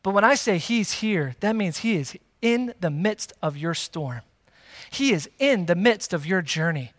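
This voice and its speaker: A man preaching a sermon to a congregation, lively and emphatic, with playful asides. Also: high voice, unhurried. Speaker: pastor. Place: church hall with long reverb. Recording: reverberant church hall.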